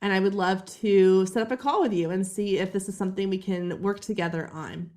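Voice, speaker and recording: A woman hosts her own podcast as a business coach, speaking straight to her listeners in a direct, coaching way. Her voice is hoarse and gravelly, as if she has a frog in her throat, and her pitch sits in the middle range. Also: brisk, a little mellow. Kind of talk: solo podcast advice talk.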